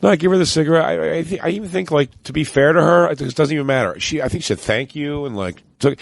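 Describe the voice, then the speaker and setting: Male podcast co-host, casual storyteller, animated and profane, dry close sound, acts out quotes. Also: fairly high pitch, quick pace, vocal fry, no room sound. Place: cruise ship.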